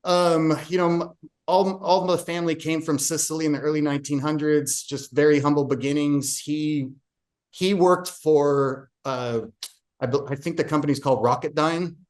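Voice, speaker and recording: A man's voice: on the high side, fairly even intonation, normal speed, a little mellow. Earnest man telling his story. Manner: earnest, frequent fillers and restarts. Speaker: podcast guest, real estate agent. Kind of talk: personal storytelling in an interview.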